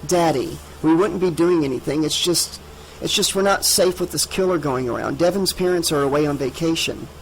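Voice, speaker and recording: A man's voice: on the high side, normal speed, slight background noise, lightly acted, rough recording. A man voicing a teenage girl who coaxes her father in a sweet, light tone, in an audiobook. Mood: pleading. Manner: sweet, coaxing. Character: teenage girl, nearly eighteen, pleading.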